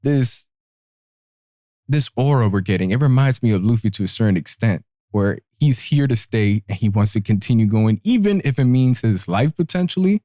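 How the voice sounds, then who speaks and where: Animated man breaking down a chapter. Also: medium pitch, moderate pace, no echo, clean studio sound. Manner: animated, loose and conversational, acting out characters' lines. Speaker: podcast host. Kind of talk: casual manga chapter commentary.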